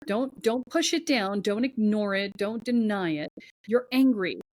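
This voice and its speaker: A woman's voice: medium pitch, animated, a little slow, a little mellow, no room sound. A woman speaking as a podcast guest and spiritual coach, giving emphatic, blunt advice in short commands. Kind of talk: podcast conversation.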